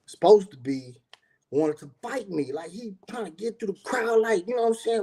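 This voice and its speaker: A man telling a tense personal story in casual talk, animated, acting out quotes, with many fillers and swearing. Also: sits high, a little fast, vocal fry, slightly rough. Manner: animated, acts out quotes, frequent fillers and profanity.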